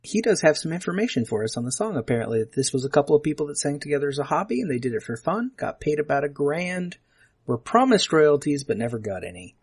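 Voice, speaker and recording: A man's voice: a little high, very animated, fast, husky. Playful man hosting a podcast. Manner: playful, teasing. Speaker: podcast host. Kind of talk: casual podcast chat.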